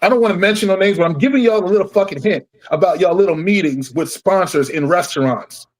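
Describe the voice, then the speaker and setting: A furious middle-aged man vents in a profane podcast rant, his voice pitched a little high. He hammers each point with emphatic, heated force and sounds worn out. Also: fast talker. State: tired. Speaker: guest.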